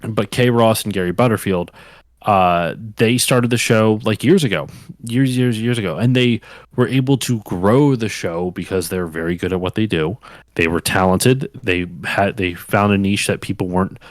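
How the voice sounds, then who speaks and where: A man's voice: on the low side, normal speed, no room sound. A man hosting a podcast in casual chat, rambling with lots of fillers and restarts. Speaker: podcast host.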